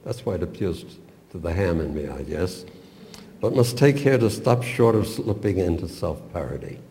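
Older man, professorial, measured poetry talk, deep dark voice, long hall reverb. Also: animated, a little hiss or hum. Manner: measured, professorial, with small stumbles. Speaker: literature lecturer. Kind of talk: reflective talk on a poem.

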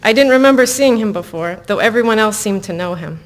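A woman author gives a live reading of her own novel, delivering the text in an even, measured way. Between passages she drifts into casual, chatty asides full of ums, at a middling pitch.

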